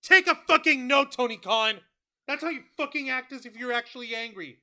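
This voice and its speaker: A man's voice: very high voice, a little fast, sharp tone. A man co-hosting a casual wrestling podcast, speaking in a blunt, sarcastic, profane way. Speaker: podcast co-host. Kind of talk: casual wrestling review chat.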